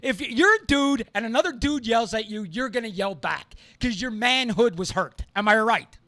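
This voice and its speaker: High-voiced emphatic male talk show host. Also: expressive, normal speed, bright, forceful tone, no room sound. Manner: emphatic, repeats points for stress. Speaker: former police officer. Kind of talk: call-in talk show chat.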